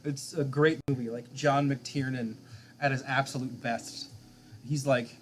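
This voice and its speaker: A man's voice: medium pitch, fairly even intonation, measured pace, faint music behind. A man streaming a game live late at night, rambling casually and answering viewers' chat.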